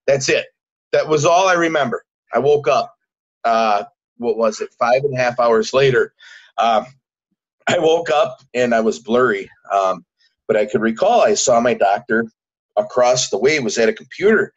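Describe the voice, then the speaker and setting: A man telling a personal story as a guest in a casual interview, halting and repeating words, acting out what people said. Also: medium pitch, lively intonation, breathy edge. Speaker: podcast guest. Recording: dull lo-fi recording.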